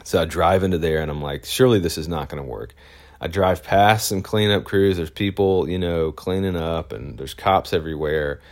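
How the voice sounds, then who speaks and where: A man with a very low voice tells a story as a photojournalist, casual and meandering. He stops and restarts often and leans on fillers. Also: moderate pace, few pauses. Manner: rambling, with many fillers and restarts.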